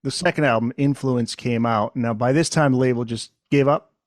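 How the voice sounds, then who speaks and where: A man's voice: mid-range voice, normal speed, no room sound, clean studio sound. A man hosting a podcast, asking questions in a casual, conversational way and adding his own memories. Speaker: podcast host. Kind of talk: casual interview.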